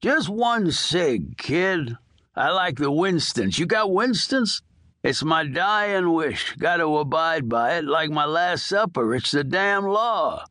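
A man's voice: a little high, animated, takes it slowly, pushed and bright, no room sound, clean studio sound, voice pushed up, heavily acted. A man voicing a dying, foul-mouthed old male prisoner with a coarse drawl. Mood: demanding. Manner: coarse, drawling, wheedling then demanding.

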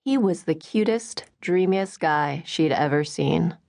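A woman reads a novel aloud with a lowish but very lively voice. The sound is dry and close, with nothing of the room. Her reading is expressive and varied. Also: a little slow, vocal fry, hardly any pauses, no room sound. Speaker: audiobook narrator. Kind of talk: scripted audiobook narration.

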